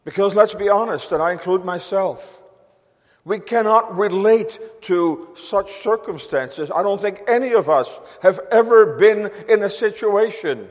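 Man, pastor, sermon, high voice, unhurried delivery, long church reverb. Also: lively intonation. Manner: slow, emphatic preaching with solemn scripture reading. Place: church sanctuary.

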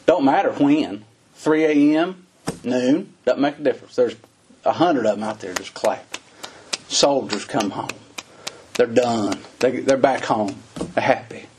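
A man's voice: mid-range voice, a little hiss or hum. A middle-aged man preaching a sermon in a folksy, conversational way, asking his listeners rhetorical questions.

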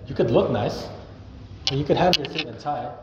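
In a church hall, a young man preaches earnestly and conversationally at normal speed in a medium pitch, occasionally performing sample greetings. The hall recording sounds echoey and dull, with noise.

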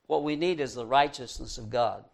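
A man preaching a sermon as pastor, earnest and slowing to stress key words, then leading a prayer. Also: mid-range voice, vocal fry.

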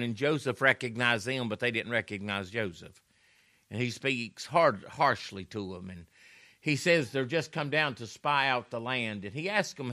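A man's voice: mid-range voice, sharp tone. A man preaching a sermon, telling scripture stories in a folksy way with emphatic rises and drops.

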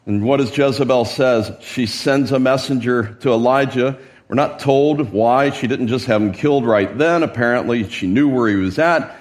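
A man's voice: mid-range voice, moderate pace. A male pastor preaching a sermon in a church, conversational and emphatic, often asking rhetorical questions.

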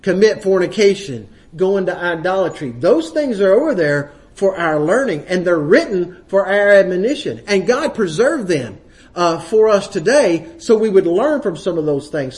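A man's voice: high voice, very animated, moderate pace, a little mellow. A man preaching a sermon, quoting scripture and acting out little asides, often checking in with the congregation. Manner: frequent "right?" checks to the congregation.

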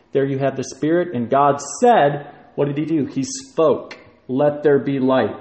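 A man's voice: mid-range voice, darkish tone. A man preaching a sermon, emphatic and rising in force when he quotes scripture. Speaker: pastor. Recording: echoey room.

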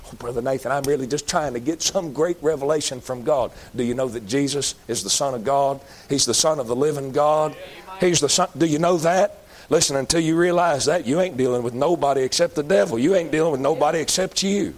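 A middle-aged Baptist preacher, preaching a folksy sermon that climbs into shouted emphasis. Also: male voice, fairly high pitch, fairly quick.

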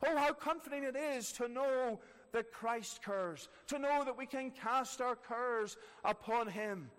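A man's voice: very high voice, unhurried, fairly bright tone, smooth. A man preaching a sermon earnestly, repeating key phrases for emphasis. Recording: long reverb of a large hall.

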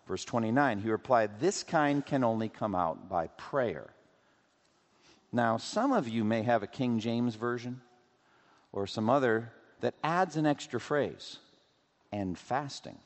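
A man preaching a sermon as pastor, asking rhetorical questions and acting out quotes in an animated way. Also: mid-range voice. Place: church sanctuary. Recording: long hall reverb.

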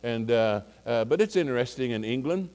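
Rambling preacher in a reverberant hall. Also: male voice, medium pitch, lively intonation, fairly quick, a little mellow. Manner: rambling, folksy, many fillers and restarts. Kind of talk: casual sermon anecdote.

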